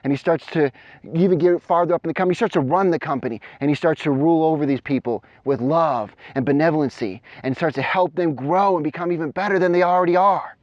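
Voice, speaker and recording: A man's voice: fairly high pitch, fast talker, no echo, dull audio. A man coaching through a story, talking animatedly while running up a mountain trail outdoors. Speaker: motivational coach. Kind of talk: energetic storytelling vlog.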